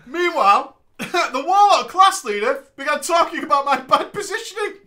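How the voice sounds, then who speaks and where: A woman co-hosts a casual comedy chat, reading a story and teasing her partner. Her voice is high and bright, and her pitch bounces around with lots of giggling. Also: animated, moderate pace.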